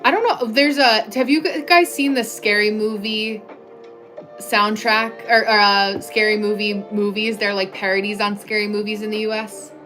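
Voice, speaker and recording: A woman's voice: medium pitch, fairly even intonation, normal speed, bright, forceful tone, faint music behind. Chatty young woman hosting a livestream. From United States. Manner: chatty, many "like" fillers, reads and answers viewer comments. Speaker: livestream host. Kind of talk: casual livestream chat. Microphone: clip-on mic.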